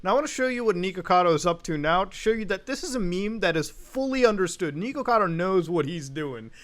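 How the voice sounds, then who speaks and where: Sarcastic, animated young man. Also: high-pitched, fast talker. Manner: sarcastic, animated, swears casually. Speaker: commentary YouTuber. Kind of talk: reaction commentary.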